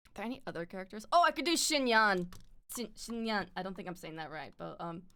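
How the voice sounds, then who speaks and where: Bright-voiced woman chatting on stream. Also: mid-range voice, expressive, fast talker. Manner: laughs often, swears casually. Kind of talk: casual chat. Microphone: streaming mic with compressor.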